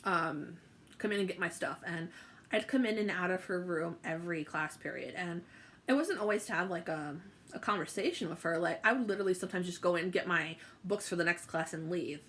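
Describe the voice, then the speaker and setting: A woman's voice: fairly low pitch, brisk, a bit bright. A young woman telling a personal story to camera, chatty and emotional, with many fillers and restarts. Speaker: vlogger.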